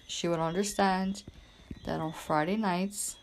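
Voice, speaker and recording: A woman's voice: lowish voice, unhurried, darkish tone, a little hiss or hum. A woman from Bermuda, hosting a podcast in a rambling, emphatic casual monologue. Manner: rambling and emphatic, heavy use of "like" and "literally". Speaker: podcast host.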